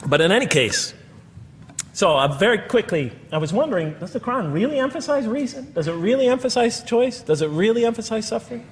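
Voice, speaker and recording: A man's voice: high-pitched, very animated, a little fast, big-room sound, slight background noise. A middle-aged man giving a public talk to an audience, earnest as he quotes and tallies references. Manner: earnest, quoting and tallying references. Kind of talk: lecture to an audience.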